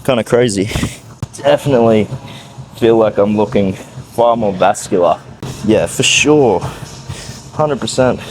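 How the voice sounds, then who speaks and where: A man with a fairly low voice chats in a hyped, self-amused way, vlogging through a gym workout. Faint music sits in the background. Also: measured pace, pauses often, a little mellow, poor audio. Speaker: fitness vlogger. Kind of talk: casual vlog commentary.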